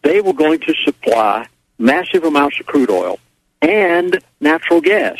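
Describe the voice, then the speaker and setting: A man's voice: on the high side, wildly swooping pitch, measured pace, gravelly, no echo, rough recording. An older man, a radio guest, telling a story in a rambling way, with restarts and quoted lines. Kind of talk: casual phone-in storytelling.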